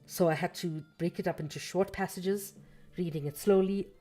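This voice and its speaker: Low-voiced woman musing on a livestream. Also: fairly even intonation, moderate pace, dark tone, soft background music. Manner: thoughtful, with fillers and self-corrections. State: scratchy throat. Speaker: livestream host reading a book aloud. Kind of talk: casual livestream book commentary.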